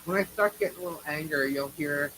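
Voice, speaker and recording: A woman's voice: deep voice, quick pace, a bit bright, poor audio. Woman, New York accent, live co-host; blunt and opinionated, casual cursing, light background noise. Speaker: livestream co-host. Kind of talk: casual live chat reacting to viewers.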